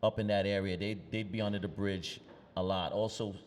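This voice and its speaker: A middle-aged man talks in a low register. He tells loose, streetwise stories and acts out what people said. His voice carries a long reverb. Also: level tone, brisk, a little mellow, slight background noise. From New York. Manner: loose, streetwise storytelling with acted-out quotes. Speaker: panelist, graffiti artist. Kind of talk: anecdotal storytelling on a panel. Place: outdoor panel event. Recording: long reverb in a large space.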